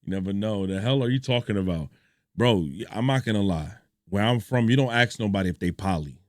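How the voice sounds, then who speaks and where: A young man streaming a reaction video, telling stories in animated, slangy casual chat. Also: fairly low pitch, brisk, no echo, studio quality. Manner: animated storytelling, slangy, laughs a lot.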